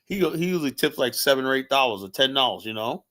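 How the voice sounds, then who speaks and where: A man's voice: mid-range voice, fast. A man hosting an online talk show, ranting in casual commentary and acting out the lines he quotes in his stories. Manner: animated storytelling, acts out quoted lines. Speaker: podcast host.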